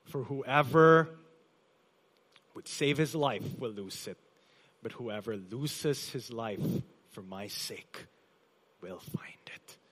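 A man pastor preaching a sermon in a church, with emphatic delivery that swells loud on key phrases and drops soft. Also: medium pitch, slow pace, husky. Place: church hall.

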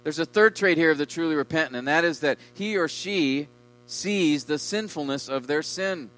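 A man preaching a sermon with emphasis, his voice swelling loud on key words and dropping low. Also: moderate pace, faint music behind, poor audio. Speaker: pastor.

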